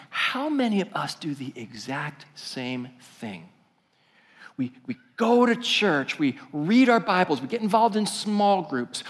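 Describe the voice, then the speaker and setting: A man pastor delivering a sermon, telling a story in an animated, conversational way. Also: high voice, long reverb tail.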